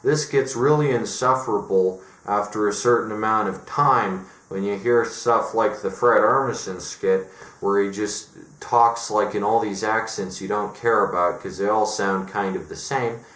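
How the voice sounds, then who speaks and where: A man's voice: on the low side, unhurried, fairly bright tone. Ranting man in an echoey room. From Denver, Colorado. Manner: ranting, sarcastic, swears. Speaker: vlogger. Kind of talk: opinionated monologue.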